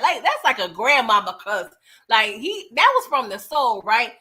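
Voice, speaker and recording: Chatty woman breaking down a movie, bright voice, a bit high, lots of "okay?". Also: sing-song, unhurried. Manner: chatty, slangy, tags lines with "okay?" and "right?". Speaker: movie reviewer. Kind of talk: casual film recap.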